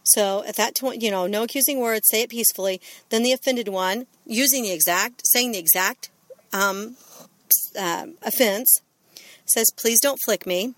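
A woman's voice: a little high, normal speed, fairly bright tone, dry recording. A middle-aged woman giving a parenting talk, earnest and full of fillers and restarts. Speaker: parenting speaker.

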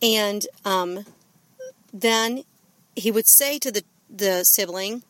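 A woman's voice: medium pitch, slow, a bit bright, no echo. A middle-aged woman giving a parenting talk, earnest and full of fillers and restarts. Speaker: parenting speaker.

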